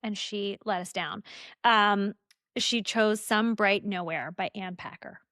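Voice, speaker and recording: A woman co-hosting a book podcast in casual chat, talking in a chatty, animated way full of rambling asides. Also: mid-range voice, takes it slowly, dry recording, studio quality. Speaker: podcast co-host.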